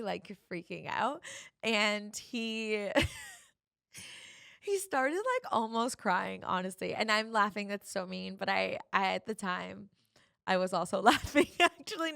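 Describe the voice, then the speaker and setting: A young woman with a gravelly, fry-laden voice, chatting through a personal story as a podcast host. She talks animatedly and slips into the voices of the people in her story. The sound is close and dry, with no room around it. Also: medium pitch, bright, forceful tone, no room sound.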